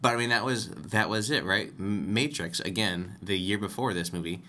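Here a podcast co-host with a voice on the low side talks at a moderate pace in a sharp tone. His casual film chat rambles, with frequent self-corrections and easy laughter.

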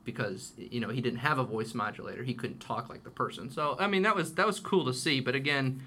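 A man's voice: mid-range voice, a little fast, pushed and bright, slight background noise. A man co-hosting a casual film discussion, talking conversationally and asking probing follow-up questions. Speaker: podcast co-host.

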